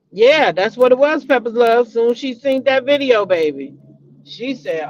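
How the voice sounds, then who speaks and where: Her voice sits on the high side, with lively intonation and a slightly slow delivery, and a little hiss or hum runs under the dull lo-fi audio. As host of a casual gossip chat, this middle-aged woman talks animatedly, repeating names and letting out dramatic exclamations.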